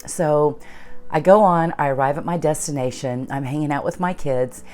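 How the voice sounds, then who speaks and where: Middle-aged lady with a deep low voice telling her story, soft music behind. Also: normal speed. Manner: earnest, animated retelling with quoted dialogue. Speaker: channel host. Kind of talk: personal storytelling.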